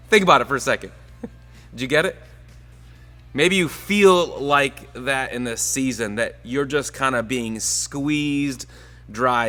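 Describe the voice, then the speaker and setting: A pastor delivers a relaxed, conversational sermon and leans into storytelling and jokes. His voice is bright and forward, at a middle pitch for a man. Soft music sits faintly underneath.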